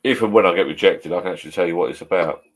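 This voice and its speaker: A man's voice: low-pitched, rapid-fire. A middle-aged man, chatting casually and rambling with live viewers, swearing freely. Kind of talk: casual live-stream chat. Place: home garden bar shed.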